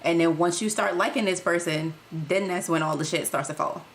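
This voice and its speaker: A woman's voice: on the low side, a little fast, a little hiss or hum. A woman co-hosting a podcast, reading viewer comments and giving frank, matter-of-fact opinions. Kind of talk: casual podcast chat.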